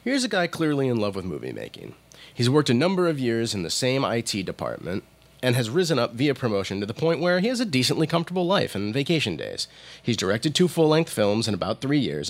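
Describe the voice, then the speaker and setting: A man narrating a commentary in an opinionated, lively way. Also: mid-range voice, fast.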